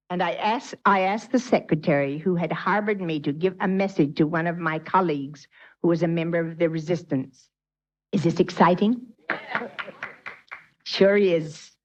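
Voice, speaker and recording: A woman, a spiritual teacher, reads a story aloud to her class and breaks off to quiz her listeners. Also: fairly low pitch. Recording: dull lo-fi 1980s tape.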